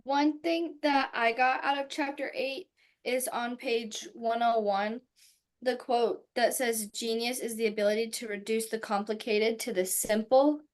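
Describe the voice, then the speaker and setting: Higher-voiced woman in a video-call book club, reflective and candid. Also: fairly even intonation, a little slow. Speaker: book study participant. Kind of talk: casual group discussion.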